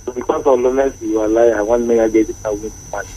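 A man calling in to a football radio show, eager and halting. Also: medium pitch, fairly even intonation, mellow, distant mic, slight background noise, rough recording. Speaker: caller.

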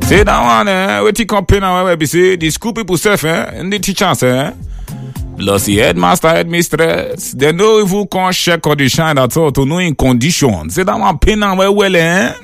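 A man's voice: high voice, lively intonation, moderate pace, creaky, a bit bright, soft background music. A man with a Nigerian accent hosting a call-in radio show in Pidgin, retelling callers' news with frequent "eh?" tags.

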